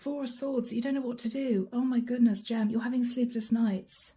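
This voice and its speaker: 温暖柔和、爱笑的塔罗女占卜师. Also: female voice, on the high side, fairly even intonation, normal speed, mellow. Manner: chatty, laughs often, voices the listener's inner thoughts. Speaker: tarot reader. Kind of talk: channeled tarot reading to camera.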